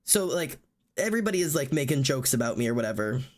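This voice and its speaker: A man's voice: mid-range voice, quick pace. A man streaming live, telling a long story in a casual, profane way and acting out the people in it. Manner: animated, profane, quotes people in lively put-on voices.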